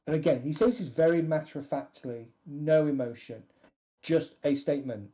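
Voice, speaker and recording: A man narrating a tabletop horror game as game master, describing scenes in a relaxed way. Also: a little high, moderate pace.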